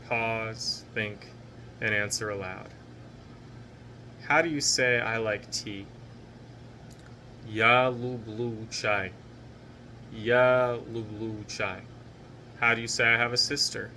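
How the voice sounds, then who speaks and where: A male teacher talks his listeners through a recorded language lesson with a bright, clear tone. He takes his time, repeating every phrase slowly and cheering the learners on. A faint hum sits under the recording. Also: medium pitch, steady tone. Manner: patient, slow drilled repetitions of each phrase; encouraging.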